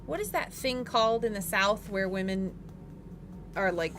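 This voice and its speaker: A woman's voice: medium pitch, animated, normal speed, noisy background. A woman co-hosting a casual chat, talking in a playful, gushing way about miniatures. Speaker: co-host reviewing miniatures.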